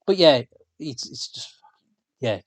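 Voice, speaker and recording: A man's voice: mid-range voice, animated, slow. A man with a Birmingham accent co-hosting a podcast in casual, sweary banter. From England. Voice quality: sweary, laid-back banter. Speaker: podcast co-host. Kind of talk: casual chat.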